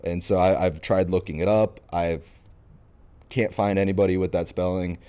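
Low, dark-voiced young man telling stories. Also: moderate pace, clear, resonant tone. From Florida. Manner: animated storyteller, acts out quoted lines. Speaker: podcast guest, baseball catcher. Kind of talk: casual storytelling interview.

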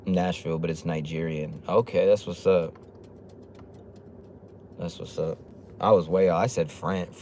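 A man's voice: low voice, steady tone, unhurried, pauses often, a little mellow, a little hiss or hum. A man hosting a casual livestream, reading chat comments aloud with loose, profane talk and lots of laughs. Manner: fillers and restarts, laughs often. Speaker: livestream host.

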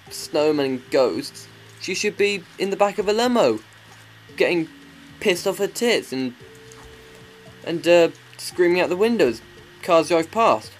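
A man giving crude, sarcastic commentary while playing a video game. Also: on the high side. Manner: crude, sweary, sarcastic ranting. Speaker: let's play commentator.

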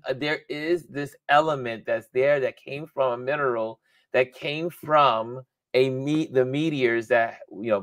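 A male livestream host talks in a loose, rambling way, working things out aloud and breaking into laughter often. His voice sits at an ordinary middle pitch. The sound is dry and close, with no room around it. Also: dry recording. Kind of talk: casual livestream chat.

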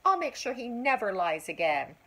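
A woman's voice: on the high side, very animated, moderate pace, sharp tone, husky, full character voice. An older woman voicing a small, caring male cricket in a storybook, speaking earnestly and urgently.

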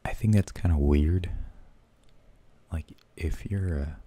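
A man rambling in soft-spoken ASMR, half-whispering and hesitating as he searches for words. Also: deep voice, slow, breathy edge. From United States. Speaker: ASMR channel host.

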